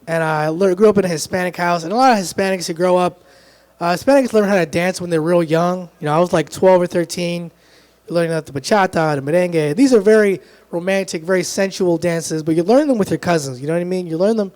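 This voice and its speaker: Young man doing stand-up, higher voice. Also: fast talker, a little mellow. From Dominican heritage, grew up in Texas area. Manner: self-deprecating, crowd-teasing punchlines. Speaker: stand-up comedian. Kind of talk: open mic stand-up comedy. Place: small live music club. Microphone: handheld stage mic.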